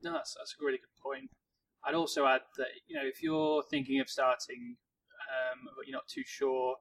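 A man from Cheshire, co-hosting a casual podcast and giving calm, encouraging advice with small restarts. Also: medium pitch, creaky, rough recording. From Cheshire, England. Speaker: podcast co-host.

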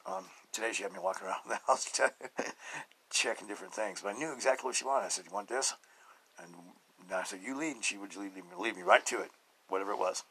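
Deep gravelly man rambling on faith. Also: low-quality recording. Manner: rambling, swings from hushed murmurs to loud bursts; chuckles often between thoughts. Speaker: podcast host. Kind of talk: casual spiritual podcast monologue.

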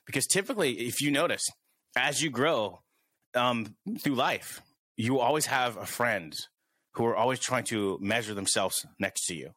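A man's voice: mid-range voice, expressive, moderate pace, fairly bright tone, no echo. A man hosting a casual podcast, thinking aloud with many restarts. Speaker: podcast host.

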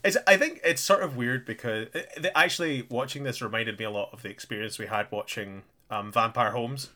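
A man co-hosting a casual podcast chat about an anime, animated and given to loud quoted voices when retelling scenes. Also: mid-range voice, brisk. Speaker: podcast co-host.

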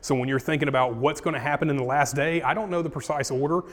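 A man teaching a Bible study in a relaxed, conversational way, dropping in slang and checking in with "yeah?" and "right?". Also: medium pitch, fast talker, long reverb tail.

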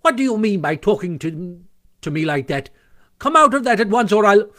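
A man's voice: high-pitched, very animated, drawn-out words, a bit bright, voice pushed up, heavily acted. A man voicing a boastful, hot-tempered male toad in an audiobook reading, blustering and indignant. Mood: furious. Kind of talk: audiobook character voice.

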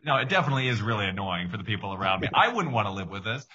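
A man's voice: lowish voice, rapid-fire, husky. A young man, a comedian guest, chatting energetically on a podcast. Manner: energetic, many likes. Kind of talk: casual podcast chat. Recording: dull lo-fi sound.

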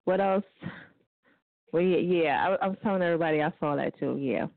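A woman hosting a casual call-in radio show, joking loudly and laughing often. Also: lowish voice, a little fast, vocal fry, dry recording. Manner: loud, joking, laughs often, puts on voices for quotes. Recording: tinny phone-line sound, dry.

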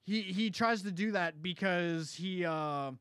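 A man's voice: high-pitched, a little slow, fairly bright tone, clear, resonant tone, dry recording, clean studio sound. A young man co-hosting a casual movie podcast, laid-back and methodical as he recaps plots, swearing now and then. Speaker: podcast co-host. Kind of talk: casual movie-review chat.

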